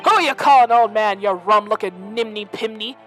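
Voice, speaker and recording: A woman voicing a brash, rough-spoken man who shouts back at people. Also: high-pitched, expressive, a little slow, soft background music. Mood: gruff. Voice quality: rough, brash street manner. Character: gruff rough-spoken working-class man.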